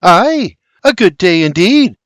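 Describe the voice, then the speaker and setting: A man's voice: high voice, big pitch swings, slow, a bit bright, no room sound, clean studio sound, pitched above the performer's own voice, heavily acted. A man voicing a spirited young woman, a boastful huntress with a lilt, in an audiobook. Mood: triumphant.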